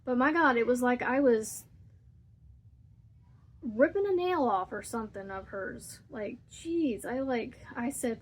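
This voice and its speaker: A woman's voice: a little high, a little slow. A woman hosting a crochet channel, chatting casually while she crochets and rambling through a story with frequent laughs.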